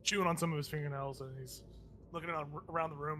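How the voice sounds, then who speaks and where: Guy running a tabletop game, rambly, kinda high voice, little bit of hiss. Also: steady tone, fast talker, pushed and bright. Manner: rambling, many fillers and restarts. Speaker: game master.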